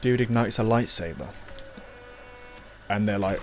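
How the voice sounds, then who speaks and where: A man's voice: on the low side, measured pace, faint music behind. A man giving a casual, rambling spoken review, recapping scenes with lots of fillers and little acted-out quotes.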